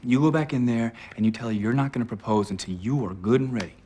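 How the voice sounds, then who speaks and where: An actor playing a best friend who hands out blunt, confident advice. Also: male voice, medium pitch, fast talker, dark tone, husky, natural voice. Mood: advising.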